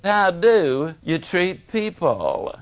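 An older Mississippi man with a Southern accent and a high-sitting voice speaks very slowly in a motivational speech, full of folksy humor, animated stories and acted-out quotes. The dry audio sounds dull and lo-fi.

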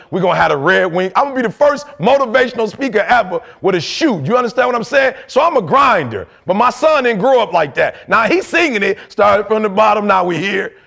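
High gravelly shouting motivational speaker man. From Detroit. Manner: loud, shouting bursts, street slang. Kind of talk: fiery motivational speech.

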